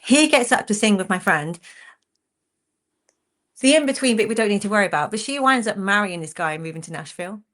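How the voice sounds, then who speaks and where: A woman in her forties, a country singer chatting as a guest and telling stories in a lively, animated way. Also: mid-range voice, a little fast, long pauses. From England. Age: 40s. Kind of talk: casual chat.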